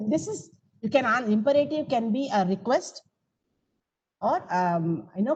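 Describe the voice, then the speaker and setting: A woman's voice: a little high, animated, unhurried, long pauses, darkish tone, breathy edge, highs cut off. A woman with an Indian English accent teaching grammar in an online coaching class, coaxing her students to answer her questions. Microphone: video call.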